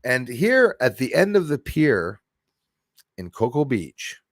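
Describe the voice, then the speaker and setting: Quebecois male streamer, mid-pitched, dry close sound, loose rambling chat with viewers. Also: big pitch swings, slow pace, no echo. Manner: rambling, reads out and answers viewer comments. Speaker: live stream host. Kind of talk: casual live stream chat.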